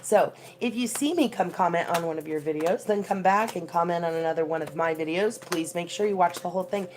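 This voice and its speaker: Gushy lady doing a tarot stream at home, kinda low voice, rain noise behind. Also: a little fast. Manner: chatty and effusive, thanks viewers. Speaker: tarot card reader hosting a livestream. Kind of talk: casual livestream tarot reading. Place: home with a door open to the rain. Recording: noisy, rain heard behind.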